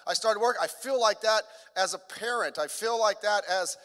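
A man's voice: high voice, moderate pace, pushed and bright, clear, resonant tone, big-room sound. A middle-aged man, a pastor, preaching a sermon in a conversational way with joking asides.

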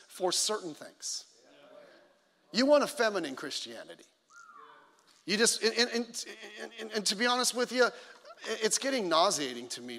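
In a big church hall, a man with an extremely high voice delivers a lively, story-driven sermon. He goes from loud exclamations to hushed asides while performing the lines of other people.

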